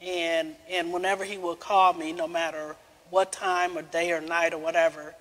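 A woman, the mother of another guest, talking in an interview with halting restarts. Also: lowish voice, flat delivery, fairly bright tone, in a large hall, low-quality recording. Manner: halting, repeats words as she starts. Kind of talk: interview talk.

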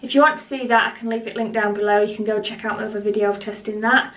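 A woman's voice: mid-range voice, fairly even intonation, fast talker, a bit bright. Lady beauty vlogger rambling to camera, kinda breathless, a bit far from the mic in an echoey room. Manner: chatty and rambling, speaks straight to viewers. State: a little out of breath. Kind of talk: casual chat to camera. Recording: roomy echo, voice a bit distant from the mic.

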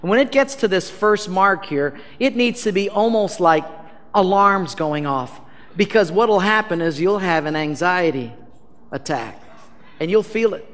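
A man with a high voice preaches a storytelling sermon and acts out each exchange with animated, self-mocking humor. The sound carries a long reverb from a large hall. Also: measured pace. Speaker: pastor.

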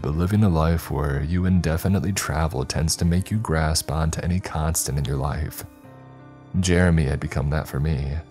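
Very deep-voiced male horror narrator. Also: darkish tone.

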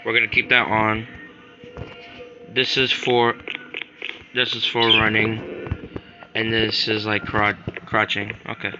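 A young man casually commenting on a horror game he is playing, teasing the enemies and yelling in fright when they chase him. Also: on the low side, completely flat delivery, slow, pauses often, dull audio. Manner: playful trash talk, nervous yelling when chased. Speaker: gaming streamer. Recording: loud background music.

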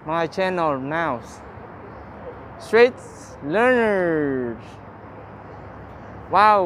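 High-voiced man chatting slowly on a livestream. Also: slight background noise. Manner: cheerful, chatty, thanks viewers by name; simple broken English. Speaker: livestream walking-tour host. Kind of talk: casual live-stream chat. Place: outdoors in a city park by the waterfront.

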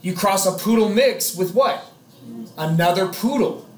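A man's voice: high voice, unhurried. A man teaching a biology class, chatty and joking, quizzing his students as he explains. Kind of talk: classroom lecture. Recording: echoey classroom.

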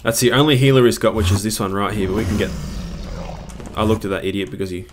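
Brief: male gamer, fairly low voice, live excitable commentary, faint background hiss. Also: quick pace. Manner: excitable, swings between panic and cheering. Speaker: gaming video creator.

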